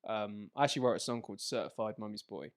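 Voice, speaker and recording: A young man, a guest comedian, telling casual stories on a podcast with lively delivery. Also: lowish voice, fast talker. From half Scottish, quarter Australian, quarter English. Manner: animated storyteller, loud put-on voices for quotes.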